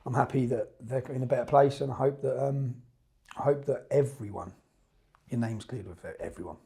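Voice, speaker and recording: A man interviewing a guest in a casual way, telling stories briskly and acting out what others said. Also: mid-range voice, gravelly. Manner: brisk, animated retelling with acted quotes.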